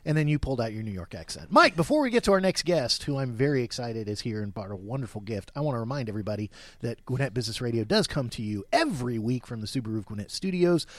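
A middle-aged man co-hosting a radio talk show with a jokey, teasing manner, slipping in old trivia between ad reads. His medium-pitched voice sits in a dry, close studio sound. He talks casually, like he's among friends. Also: big pitch swings, quick pace, few pauses, dry recording. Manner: jokey, throws out eighties trivia. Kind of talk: casual radio chat and live read ad.

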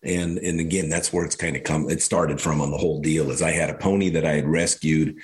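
A very low-voiced man talking on a studio radio show. He rambles through long stories in a casual way, slipping into the voices of the people in them. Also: steady tone, fairly quick. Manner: rambling storyteller, acts out quoted voices. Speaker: guest, charity founder. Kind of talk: casual interview talk.

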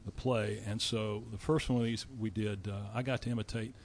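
A man's voice: lowish voice, a little fast. A man, a law firm partner, telling stories in a casual interview and playfully slipping into impressions. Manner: animated storyteller who slips into impressions.

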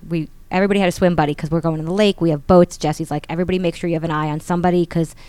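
A woman in her forties tells a story in an animated, casual way and acts out other people's lines. Her voice sits on the low side. The sound is close and dry. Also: very fast, clean tone, no echo. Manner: animated, acts out quotes with rising pitch. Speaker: guest.

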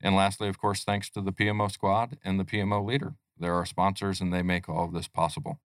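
Low-voiced male podcast host. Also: level tone, fast, hardly any pauses, dry recording, clean studio sound. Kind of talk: live podcast interview hosting.

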